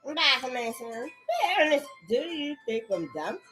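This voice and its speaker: A woman in a rambling, profane rant, repeating curses and jumping between loud outbursts and low mutters. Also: very animated, a little slow, soft background music. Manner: erratic, repetitive, swearing constantly, swinging between shouts and mutters. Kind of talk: profane stream-of-consciousness rant.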